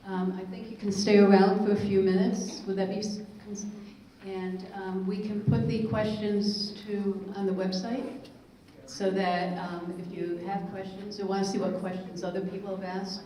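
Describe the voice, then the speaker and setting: A woman moderator thanks the panel and wraps up, polite and a touch flustered, stumbling over her words now and then. Her mid-pitched voice rings with strong room echo, over a faint hum. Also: flat delivery, dark tone. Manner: polite, slightly flustered, halting. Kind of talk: wrapping up a panel. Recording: echoey hall.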